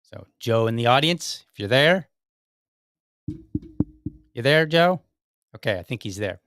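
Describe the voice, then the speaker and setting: A man's voice: mid-range voice, animated, takes it slowly, a bit bright, no room sound, studio quality. Joking, rambling podcast host, a man. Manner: joking, rambling, with self-mocking asides. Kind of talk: casual political podcast talk.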